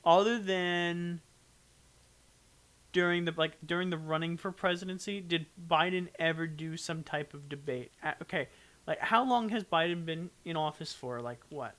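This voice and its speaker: A man's voice: a little high, moderate pace, fairly bright tone. A young man co-hosting a podcast, chatting casually and joking around. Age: young adult. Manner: joking, banter-heavy. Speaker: podcast co-host. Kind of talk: casual chat.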